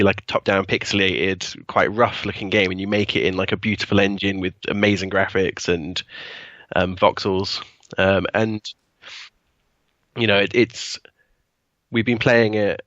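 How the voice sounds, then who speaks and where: Male podcast co-host, hesitant and loose, lowish voice, dry and a bit muffled. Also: fairly bright tone, no echo. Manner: hesitant, many ums and likes. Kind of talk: casual chat.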